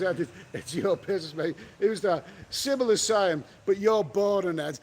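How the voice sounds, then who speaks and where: A middle-aged man with a fairly high, darkish voice chats bluntly on a casual livestream from a city street, reading and answering live chat as a travel vlogger. Faint traffic hums in the background outdoors, and he's quick to snap at trolls.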